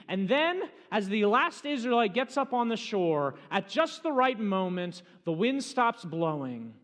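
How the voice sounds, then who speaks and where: A man preaching a sermon as pastor, retelling a story dramatically and swinging between loud, urgent passages and hushed ones. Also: sits high. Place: church sanctuary. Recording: church hall reverb.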